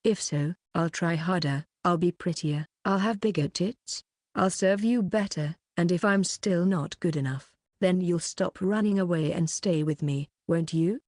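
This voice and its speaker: Audiobook: woman reading a clingy stalker girl, lowish voice, flat and relentless, dry close sound. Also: a little slow, dry recording. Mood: obsessive.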